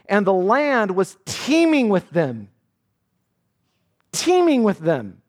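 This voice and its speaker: A man preaching a sermon, reading scripture aloud with dramatic emphasis. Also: high-pitched. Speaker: pastor.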